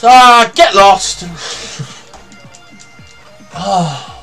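A young man giving live commentary on his own football video game match, excitable, shouting and swearing at the play. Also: high voice, extremely slow, soft background music. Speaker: gamer.

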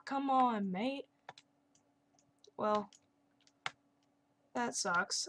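A woman's voice: a little high, slow, long pauses, a bit bright, a little hiss or hum. A young woman casually commenting over her Minecraft gameplay, chatty and sarcastic with self-mocking asides. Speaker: gaming channel host. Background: keyboard and mouse clicks.

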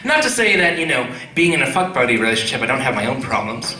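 A man's voice: mid-range voice, very animated, fast talker, sharp tone. A man doing a stand-up comedy set, telling crude stories in a rambling way with plenty of fillers. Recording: echoey room from a distance.

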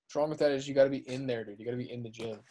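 A young American man co-hosting a casual podcast chat, jokey and loud, often bursting into shouts. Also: mid-range voice, steady tone, very fast. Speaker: podcast co-host.

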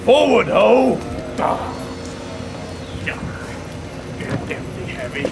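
A man playing a blustering, bossy one-eyed pirate captain with a gravelly pirate voice. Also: extremely high pitch, big pitch swings, slow, very noisy, full character voice. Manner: pirate bluster, shouts orders.

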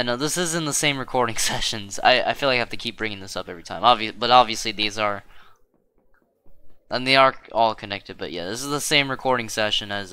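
A man giving casual gameplay commentary as a streamer, rambling, correcting himself and breaking into quick exclamations. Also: medium pitch, sharp tone, clear, resonant tone, no room sound. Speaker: gaming streamer.

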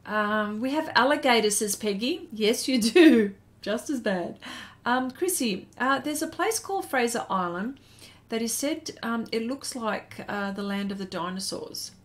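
Australian woman, art stream host, easy chatter, reads chat aloud, voice sits a little high. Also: expressive, unhurried. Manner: chatty, reads viewer comments aloud while drawing. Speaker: artist hosting a live stream. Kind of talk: casual live-stream chat.

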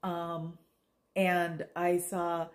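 A woman's voice: lowish voice, completely flat delivery, extremely slow. A tired middle-aged woman from Oakland, California, chatting in a meandering, self-deprecating way for her vlog. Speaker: vlogger. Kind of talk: casual rambling chat.

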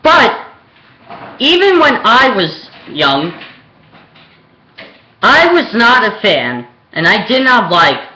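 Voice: medium pitch, very animated, slow, pauses often, bright, forceful tone. A young adult vlogger from Pennsylvania delivering a rambling, hesitant film rant full of ums and restarts. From Pennsylvania, USA. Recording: echoey room.

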